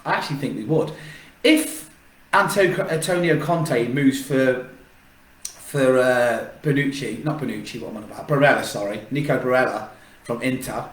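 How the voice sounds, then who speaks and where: A man's voice: medium pitch, normal speed, distant mic. Emphatic man in an echoey room. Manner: emphatic, repetitive, restarts mid-sentence. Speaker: football fan channel host. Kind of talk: casual opinion vlog. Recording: echoey room, set back from the mic.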